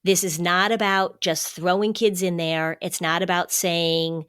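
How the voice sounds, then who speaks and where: A middle-aged woman hosting a parenting podcast, explaining calmly and emphatically, slowing down to stress key points. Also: lowish voice, no echo, clean studio sound. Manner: calm, warm-hearted, emphatic, slows for stress. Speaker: podcast host, anxiety expert.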